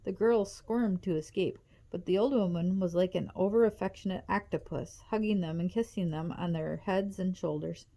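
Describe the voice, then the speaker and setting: A woman reading a novel aloud in a steady, even storytelling manner. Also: on the low side, moderate pace, few pauses. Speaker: audiobook reader.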